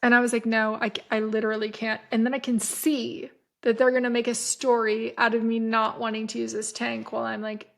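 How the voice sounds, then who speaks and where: A woman's voice: fairly high pitch, monotone, fairly quick, vocal fry, a bit bright. A woman in her forties from San Diego, a podcast host telling a story in a rambling, profane way. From San Diego, California. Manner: profane, rambling, frequent "like" fillers. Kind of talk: casual storytelling.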